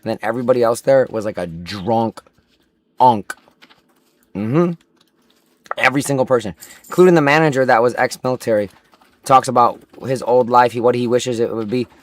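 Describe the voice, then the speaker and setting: A man's voice: medium pitch, normal speed, pauses often, dry recording. A young man in his twenties, a gaming livestreamer, telling a long story in casual chat, swearing heavily and acting out what the people in it said. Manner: profane, ranting, acts out quoted people.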